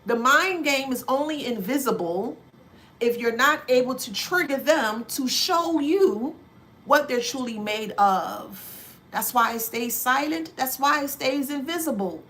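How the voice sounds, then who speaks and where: A woman's voice: sits high, lively intonation, a little slow, fairly bright tone. A woman giving a spiritual tarot card reading to her viewers. She laughs often and slips in mocking asides.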